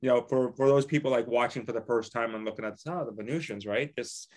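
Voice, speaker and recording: A man hosting a casual interview, asking long, halting questions full of fillers and restarts. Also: medium pitch, a little mellow. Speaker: interview host.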